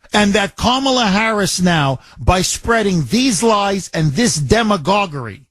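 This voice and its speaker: Fiery high-voiced talk radio host. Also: male voice, no echo. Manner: impassioned, emphatic, repetitive ranting. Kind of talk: political talk radio monologue.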